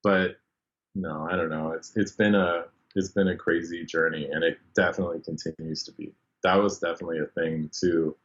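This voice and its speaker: Low-voiced man telling stories. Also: fairly quick. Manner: animated, acts out quoted voices, many fillers. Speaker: podcast guest, bass player. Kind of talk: casual storytelling interview. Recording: dull lo-fi sound.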